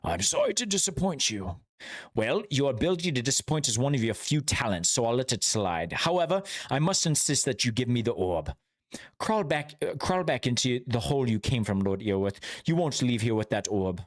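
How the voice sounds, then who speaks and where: A man's voice: medium pitch, big pitch swings, lightly acted. A man voicing a smug, menacing elven lord who threatens and condescends in a game quest. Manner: slow, sneering, condescending.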